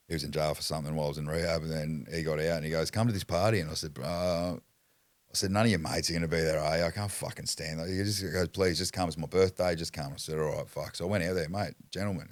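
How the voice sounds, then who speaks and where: Podcast guest: middle-aged Aussie man, very low, dry close mic, blunt and sweary storyteller. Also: no room sound. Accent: Australian. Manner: blunt, swears freely, laughs while telling stories. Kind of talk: casual storytelling.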